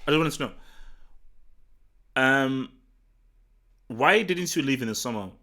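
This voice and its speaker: A man from Nigeria hosting a live football talk stream, chatting casually and answering the chat in an excitable, rambling way full of restarts. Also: medium pitch, measured pace. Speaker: football talk show host. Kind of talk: casual livestream commentary, reading the chat.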